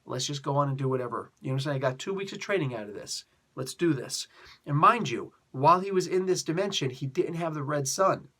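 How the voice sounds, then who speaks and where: A man's voice: a little high, animated, brisk, bright, forceful tone. A middle-aged man chatting casually as he reviews a comic book, laughing often and acting out the characters' lines.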